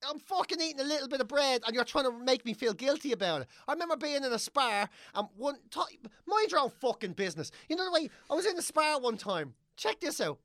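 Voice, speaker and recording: A woman's voice: high-pitched, animated, quick pace, few pauses, fairly bright tone, dry recording. A woman with an Irish accent ranting comically on a podcast, heavy on swearing and mocking put-on voices. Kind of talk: comic rant.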